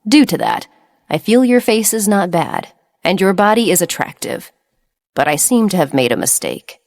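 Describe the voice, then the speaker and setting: A woman's voice: medium pitch, lively intonation, moderate pace, lightly acted. A woman reading the lines of a stern, cold young man in an audiobook. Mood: low and cold. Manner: curt and cold.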